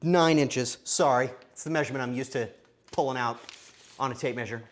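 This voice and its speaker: A man live-streaming himself baking, joking to his chat and swinging between quiet mutters and loud outbursts. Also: mid-range voice, a little fast, a little hiss or hum. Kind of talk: casual live-stream commentary while baking.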